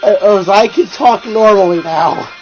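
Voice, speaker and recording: A man's voice: sits high, normal speed, a little mellow. A man with a stuffy nose and sore throat, sounding nasal, chatting casually as a video co-host and rambling with many restarts and fillers. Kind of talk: casual chat. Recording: slightly dull recording with faint music.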